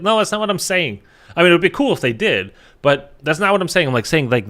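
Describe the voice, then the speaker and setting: Tired from lack of sleep, this YouTuber talks about a game to his audience in a loose, rambling way, full of fillers and with an occasional curse. His voice is mid-range and sharp in tone.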